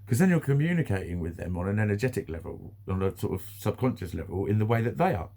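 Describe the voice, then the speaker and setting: In a casual vlog, a British man delivers a blunt, swear-filled rant, going over the same points and breaking into the occasional laugh. He talks fast in a lowish, mellow, animated voice with vocal fry.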